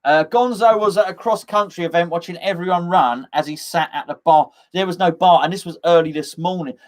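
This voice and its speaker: A man's voice: high voice, brisk. A middle-aged man hosting a casual live fan chat, rambling and jokey, with lots of fillers and restarts as he reads out comments.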